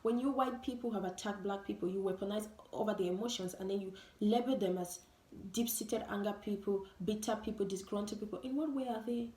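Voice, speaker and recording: A woman's voice: medium pitch, fairly quick, dark tone. A woman vlogger giving an emphatic, repetitive monologue full of rhetorical questions. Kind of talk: opinion vlog monologue. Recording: roomy echo.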